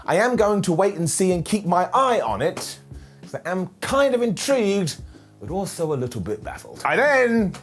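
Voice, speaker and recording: A man hosting a casual review show, talking in an animated, jokey and ranting way. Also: sits high, normal speed. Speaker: host. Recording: faint background music.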